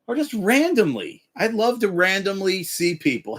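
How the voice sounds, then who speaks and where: A middle-aged man hosting a livestream, giving profane, animated life advice and breaking into yelled impressions. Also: sits high, moderate pace. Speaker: livestream host. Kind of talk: profane motivational rant.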